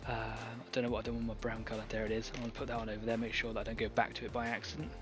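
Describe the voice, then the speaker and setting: A man's voice: lowish voice, monotone, rapid-fire, over music. A man hosting an online painting club, chatting casually and thinking aloud as he demonstrates airbrush painting. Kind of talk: casual live-stream painting demo.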